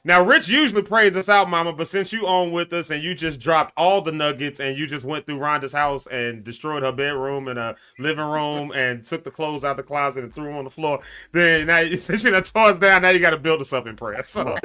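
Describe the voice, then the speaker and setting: A man's voice: a little high, brisk, few pauses, pushed and bright, clear, resonant tone. A man hosting a live-stream talk show, chatting casually, laughing often and getting emotional. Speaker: host.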